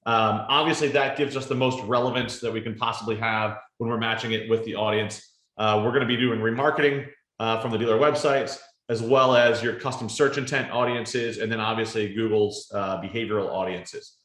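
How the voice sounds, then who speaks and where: A man presenting a casual screen-share product demo, explaining in a relaxed way with lots of fillers and tag questions. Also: fairly low pitch, a little fast. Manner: relaxed, filler-heavy explaining with frequent "right?". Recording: roomy echo.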